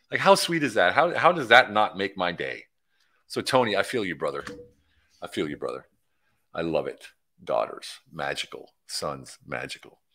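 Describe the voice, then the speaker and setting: A middle-aged man, a coach hosting a livestream, chatting casually and excitedly with viewers and rambling from topic to topic. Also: deep voice. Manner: excitable, rambling, hypes his program, jumps between topics. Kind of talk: casual livestream chat, reading out viewer comments.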